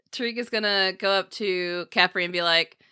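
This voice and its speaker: A woman playing a tabletop game who talks in an animated way and laughs along with the table. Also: medium pitch, moderate pace, clean tone. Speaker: player.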